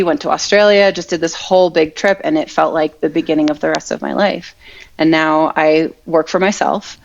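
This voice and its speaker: A woman's voice: sits low, gravelly, lo-fi sound. A young woman guest in a podcast interview, telling her story casually and saying "like" often. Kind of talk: conversational interview.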